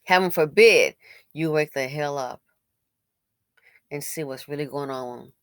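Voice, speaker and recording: A woman's voice: low voice, unhurried, dry recording, clean studio sound. A woman giving opinionated commentary, blunt and colloquial, who repeats phrases for emphasis and fires off rhetorical questions.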